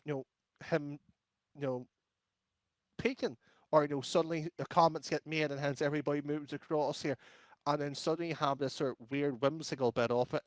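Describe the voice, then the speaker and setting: A man's voice: mid-range voice, no room sound. A man with an Irish accent, an esports caster chatting bluntly in an interview, rambling with many fillers and restarts. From Ireland. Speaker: esports caster, podcast guest. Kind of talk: casual interview chat.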